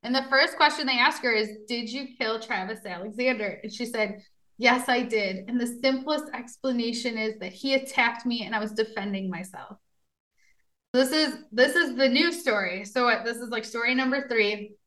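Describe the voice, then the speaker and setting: A woman's voice: fairly high pitch, moderate pace, a bit bright. A woman co-hosting a podcast, casually recounting a true crime case with lots of fillers. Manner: chatty storyteller, frequent fillers and laughs.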